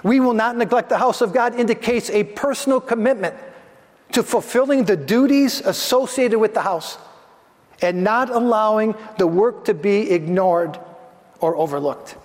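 A man's voice: sits high, moderate pace, in a large hall. A man preaching a sermon as pastor, earnest and building his points through repeated phrases.

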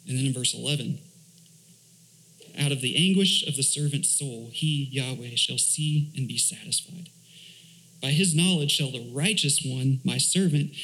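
A man's voice: mid-range voice, pushed and bright, poor audio. A man, a church elder, preaching a sermon, asking rhetorical questions, reading scripture aloud and explaining Hebrew words.

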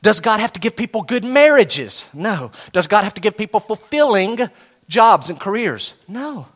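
A man preaching a sermon, animated, with sudden soft drops and slow, emphatic repetition of key phrases. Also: high-pitched. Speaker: pastor.

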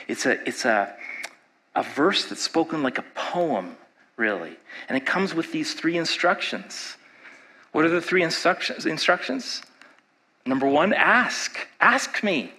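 A man's voice: on the high side, animated, a little slow, sharp tone, poor audio. A male pastor preaching a sermon in a conversational way, asking his listeners rhetorical questions.

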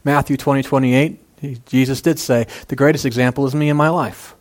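A man's voice: medium pitch, fairly even intonation, brisk. A man preaching a casual, conversational sermon, making jokey asides and using plenty of fillers. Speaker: pastor.

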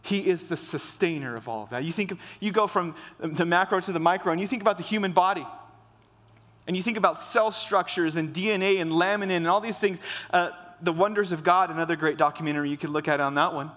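Male pastor, slightly high voice, off-the-cuff conversational preaching with restarts, long hall reverb. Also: fast talker, fairly bright tone. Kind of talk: sermon.

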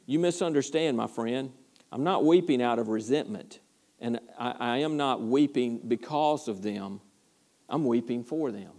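A man voicing an imprisoned apostle who speaks softly and gravely. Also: mid-range voice, moderate pace, pitched below the performer's own voice, lightly acted. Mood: gentle sorrow. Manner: soft, gentle, grave.

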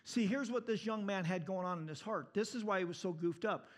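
A male preacher gives a sermon with animated storytelling drive. His voice is high and fairly quick, swinging from loud emphasis to hushed passages.

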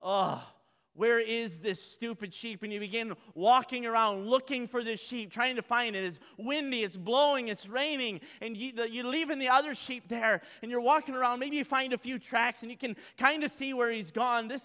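A male pastor delivering a sermon, casual and jokey one moment and earnest the next. His voice sits high for a man and sounds very bright and forceful. A long hall reverb trails after every phrase. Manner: animated, conversational and jokey preaching.

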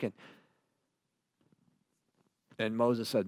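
A man preaching a verse-by-verse Bible sermon, animated and full of rhetorical questions, dropping from loud to hushed. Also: medium pitch, takes it slowly, long pauses, dry recording, clean studio sound.

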